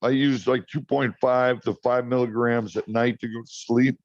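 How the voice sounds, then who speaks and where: A man's voice: mid-range voice, steady tone, normal speed, no echo. Man, chatty storyteller, restarts and rambles, dry dull call audio, interview guest. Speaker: cannabis farmer guest.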